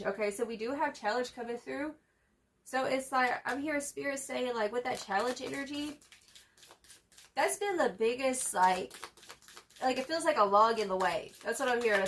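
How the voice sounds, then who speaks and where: A woman's voice: on the high side, fairly bright tone, a little hiss or hum. Slangy, emphatic woman reading tarot. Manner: slangy, profane and emphatic, full of fillers; hypes the viewer up with repeated catchphrases. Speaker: tarot reader. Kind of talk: casual tarot reading to camera.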